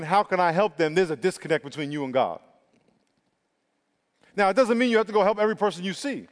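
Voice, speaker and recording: A male pastor preaching a sermon with emphatic, drawn-out stresses and repeated words. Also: high voice. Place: church sanctuary. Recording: long reverb of a large hall.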